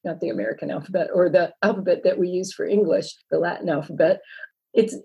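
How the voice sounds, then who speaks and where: Husky woman explaining speech sounds. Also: lowish voice, fairly even intonation, dull audio. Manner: explanatory, slows to sound out example words. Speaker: lecturer on dialects. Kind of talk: recorded lecture.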